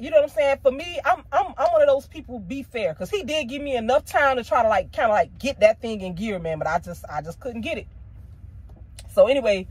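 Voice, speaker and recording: Female vlogger with a husky voice, casual and emotional, talking straight to her audience. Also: a little high. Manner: candid, emotional, slangy, addresses viewers as y'all. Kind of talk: casual storytelling to camera.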